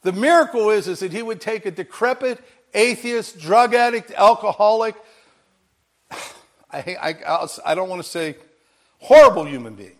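A man preaching a sermon with emphasis, repeating his phrases and swinging from quiet to loud, laughing now and then. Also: high-pitched, a little slow.

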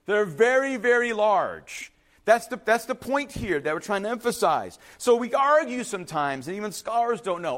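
Animated, high-voiced male preacher. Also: unhurried. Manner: animated storytelling, emphatic repetitions. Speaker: pastor. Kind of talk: sermon.

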